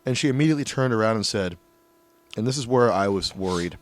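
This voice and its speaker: A middle-aged man telling a long, crude story in casual chat, swearing freely and getting animated. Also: on the low side, fast talker, no echo.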